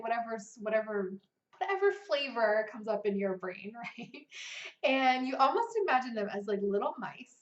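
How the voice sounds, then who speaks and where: A woman's voice: fairly high pitch, lively intonation, moderate pace. A woman in her thirties, a writing coach, talking casually and chattily with frequent "like" and "right?". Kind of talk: casual vlog talk. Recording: roomy, slightly dull recording.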